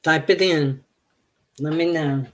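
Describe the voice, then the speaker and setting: A woman reading tarot on a livestream, chatting casually with viewers and telling meandering stories. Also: sits low. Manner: chatty, reads viewer comments aloud and answers them; slow, meandering storytelling.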